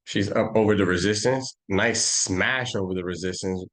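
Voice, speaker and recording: Low-voiced man teaching with loose slang. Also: moderate pace, fairly bright tone. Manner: rambling, slangy, talks to himself while charting. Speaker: trading instructor. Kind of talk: casual live screen-share class.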